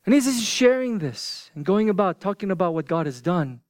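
A male pastor preaching a conversational sermon, dropping to hushed, almost whispered lines for emphasis. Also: sits high, big pitch swings, brisk, dry recording.

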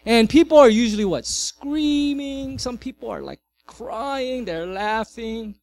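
A man in his thirties, a pastor, preaching a sermon and telling a family story with lively swings from loud to hushed. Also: very high voice, a little slow, gravelly.

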